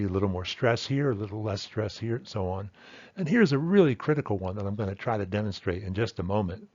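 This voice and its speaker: A man's voice: lowish voice, no echo, lo-fi sound. A man teaching a language lesson and explaining at a thoughtful pace, with fillers and self-corrections.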